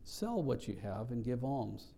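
A pastor preaches a sermon in a gravelly, mellow, mid-range voice with a sing-song quality. He teaches earnestly and reflectively, pausing and restarting as he works through scripture, and there's slight background noise.

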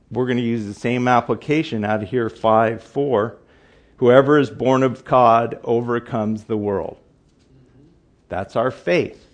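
An older man giving an informal Bible teaching, repeating his points for emphasis and often restarting his sentences. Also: medium pitch.

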